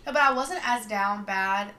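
A woman's voice: mid-range voice, moderate pace, crowd noise. A young woman from Louisiana co-hosting a podcast, rambling in casual chat with lots of fillers and swearing. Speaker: podcast co-host.

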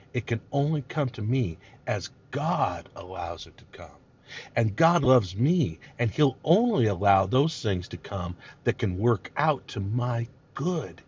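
A man delivering an earnest, emphatic sermon in a low, husky voice. His pitch swings widely as he presses his points. The recording is dull and lo-fi. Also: a little mellow. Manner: earnest, emphatic, acts out quoted complaints. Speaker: preacher.

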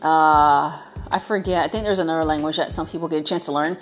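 A woman's voice: deep voice, fairly even intonation, quick pace, soft background music. A young American woman chatting to her viewers in a playful, emphatic way, piling up repetitions for effect. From United States. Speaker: vlogger. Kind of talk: casual chat to viewers.

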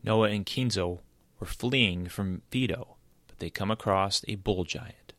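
A man's voice: lowish voice, a little slow, fairly bright tone, no echo. A man introducing a story podcast episode, announcer-like and teasing what comes next. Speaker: podcast host.

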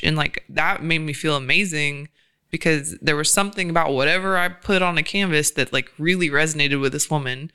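A man's voice: on the high side, brisk, sharp tone, clear, resonant tone. A man in casual, reflective podcast conversation, laughing often and using many fillers. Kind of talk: casual chat.

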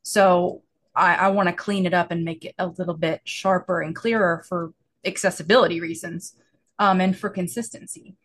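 A woman with a drawling Southern US accent, chatting as an interview guest and telling lively little stories. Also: on the low side, moderate pace, slight background noise. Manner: chatty storyteller, acting out little exchanges. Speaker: podfic narrator, interview guest. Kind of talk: casual chat.

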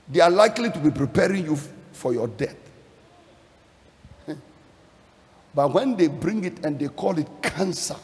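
A man preaching a sermon with emphatic delivery, swinging from hushed lines to shouted peaks and a chanting, sing-song cadence. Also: fairly high pitch, lively intonation, normal speed. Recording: long hall reverb.

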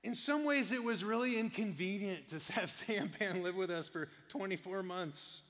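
A man preaching a sermon, telling animated personal stories and laughing often. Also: high-pitched, moderate pace, in a large hall. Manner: animated storyteller, laughs often, quotes people. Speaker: pastor.

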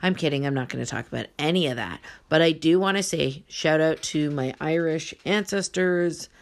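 A woman from Canada hosts a solo podcast, talking casually into a close mic. Her voice has a gravelly fry, and she moves between wisecracks and open talk about her life. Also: low-pitched, moderate pace. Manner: chatty, joking and candid. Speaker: podcast host.

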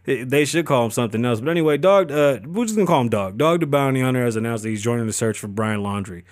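A man's voice: mid-range voice, lively intonation, quick pace, no room sound, studio quality. A man hosting a podcast, riffing on news in a casual, profane, joking way. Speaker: podcast host. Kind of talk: casual commentary.

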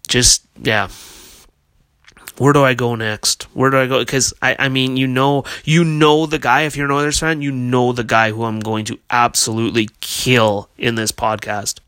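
Heated bright-voiced man ranting about hockey. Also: medium pitch, little pitch movement, a little slow, clear, resonant tone, no echo. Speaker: podcast host. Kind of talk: casual hockey podcast rant.

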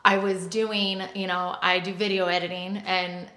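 A woman's voice: lowish voice, level tone, measured pace, bright, forceful tone. A woman co-hosting a podcast, telling a personal story in a rambling, casual way full of fillers. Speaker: podcast co-host. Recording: echoey room.

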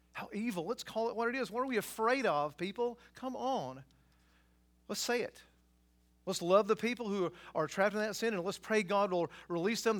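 A man preaching a sermon, swinging between quiet asides and loud, emphatic passages. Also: high voice. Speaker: pastor.

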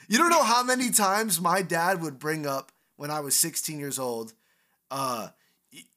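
A young man co-hosting a casual podcast, talking candidly and profanely with animated storytelling. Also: a little high, a little slow. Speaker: podcast co-host.

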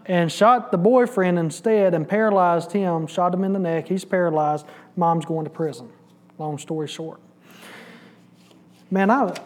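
A man's voice: high voice, a little mellow. A man giving a testimony in church, storytelling and acting out the dialogue. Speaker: church bus ministry volunteer giving testimony. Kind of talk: sermon testimony.

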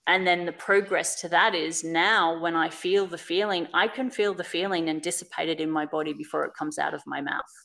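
A woman's voice: on the low side, steady tone, brisk, gravelly, few pauses, sharp tone. A woman speaking on a podcast in a candid, earnest, reflective way, repeating phrases for emphasis. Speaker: podcast guest.

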